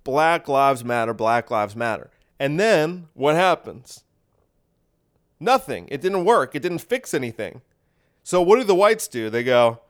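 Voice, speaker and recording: A man hosting a podcast, delivering a rambling sarcastic monologue with deadpan asides. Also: on the high side, unhurried. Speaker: podcast host.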